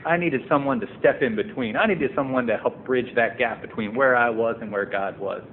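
Speaking a little fast in a mid-range voice, a man offers personal testimony about his recovery at a meeting. He goes from earnest to emphatic and impassioned, heard through a tinny, phone-like meeting-room recording with faint noise.

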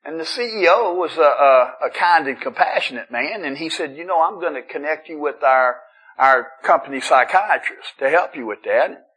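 Middle-aged man giving a testimony at a meeting; husky, slightly high, chatty, trips over his words. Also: animated, moderate pace, fairly bright tone, low-quality recording. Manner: conversational storytelling with self-deprecating humor; frequent restarts and stammering. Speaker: recovery meeting speaker. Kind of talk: personal testimony talk. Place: meeting room.

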